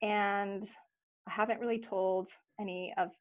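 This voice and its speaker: A woman in her thirties telling her personal story as a guest in an interview, earnest and reflective, pausing often. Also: mid-range voice, steady tone. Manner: earnest, reflective, soft-spoken with frequent pauses. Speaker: podcast guest. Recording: slightly dull recording.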